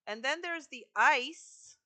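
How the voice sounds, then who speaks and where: A woman streams a game and chats casually with her viewers as she works. Her voice is fairly high, bright and forceful. She talks in a loose, chatty way and answers the chat as she goes. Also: lively intonation, slow. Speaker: live streamer.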